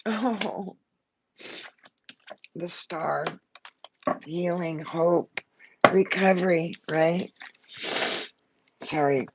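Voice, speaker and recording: A woman's voice: fairly low pitch, very slow, pauses often, lo-fi sound, noisy background. A woman giving a live-stream tarot reading, blunt and emotional, swearing freely and short of breath. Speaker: tarot card reader.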